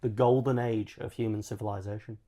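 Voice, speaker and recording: A man co-hosting a podcast, telling stories in relaxed, jokey banter. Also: lowish voice, fairly quick. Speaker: podcast co-host. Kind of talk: casual chat.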